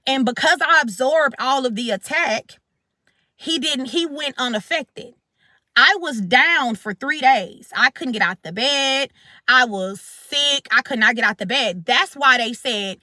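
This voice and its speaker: A woman's voice: high voice, expressive, unhurried, bright, forceful tone, no room sound, studio quality. A woman hosting her spiritual channel, telling a dramatic story to her viewers in a casual, repetitive way, calling them "collective". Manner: dramatic, repeats herself, addresses viewers as collective.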